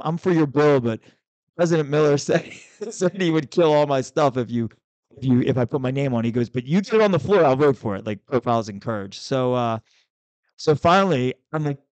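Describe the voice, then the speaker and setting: A man, a former state senator, hosting a casual chat and telling a lively political story, acting out the voices of others. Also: no room sound. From Maryland, US. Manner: animated, acts out quotes with big pitch jumps.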